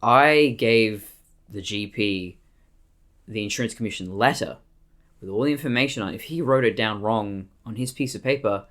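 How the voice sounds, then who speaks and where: An Australian woman telling a personal story on her vlog in a blunt, profane, animated way. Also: very deep voice, normal speed. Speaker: vlogger.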